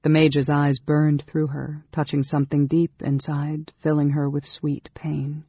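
An audiobook narrator reads a fantasy story at a steady, measured pace. The voice has a gravelly, raspy edge and sits in a middle pitch. The recording is dry and a little dull. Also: no room sound. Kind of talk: scripted narration.

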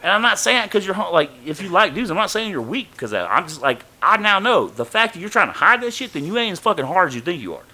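A man's voice: high-pitched, fast, few pauses. A man telling a story casually on a podcast, swearing freely and acting out other people's lines. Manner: profane, animated, acts out quoted voices.

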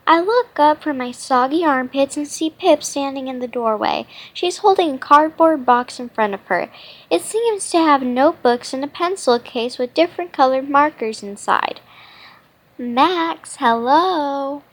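A woman reading a children's storybook aloud, halting often and restarting her words. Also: sits high, lively intonation. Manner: halting, with frequent restarts and stumbles. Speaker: children's book reader.

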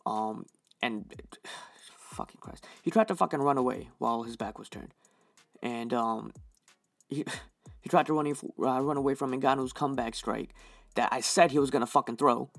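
A man's voice: mid-range voice, normal speed, gravelly, dry recording. Heated, profane man reviewing fights. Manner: heated, swears constantly, rambling fillers. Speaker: fight podcast host.

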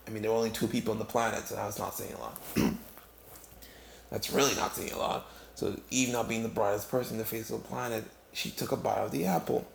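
A man's voice: fairly low pitch, gravelly, slight background noise. A man delivering a rambling comedic monologue, full of asides and restarts. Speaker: comic storyteller. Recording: roomy, with faint background ambience.

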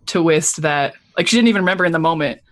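A woman's voice: sits low, fast. A young woman talking casually as a player in a tabletop game. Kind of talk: casual chat.

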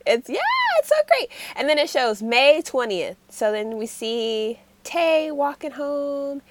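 A woman co-hosting a casual chat show, recapping a comic with lively acted-out lines. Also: a little high, measured pace, noisy background. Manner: animated, acts out characters' lines. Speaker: podcast co-host.

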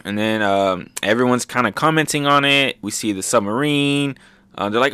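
A man hosting a manga review show, recapping chapters in a loose, excitable way, swearing freely and filling gaps with "um" and "like". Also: medium pitch, normal speed, clear, resonant tone, no room sound, studio quality.

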